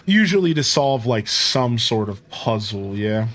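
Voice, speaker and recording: A man streaming a game, giving casual commentary and telling stories, chatty and animated, full of "like" and "dude". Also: medium pitch, unhurried, slight background noise.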